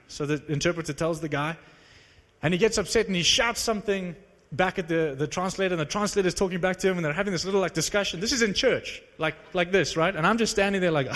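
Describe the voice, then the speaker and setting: A man preaching a sermon and telling stories with animated energy, acting out the dialogue. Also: fairly high pitch, quick pace, in a large hall. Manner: animated storytelling, acts out dialogue. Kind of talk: sermon with storytelling.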